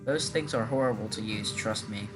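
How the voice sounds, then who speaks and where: A man's voice: fairly low pitch, normal speed, over music. Rambling man narrating gameplay. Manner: rambling and hesitant, many fillers. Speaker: gaming channel host. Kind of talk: casual gameplay commentary.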